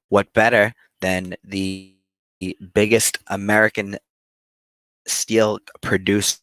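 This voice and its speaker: A man's voice: sits low, fairly bright tone, clear, resonant tone, no room sound. A man with a Boston accent talking casually and upbeat about swing trading on a livestream. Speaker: guest trader presenting a show.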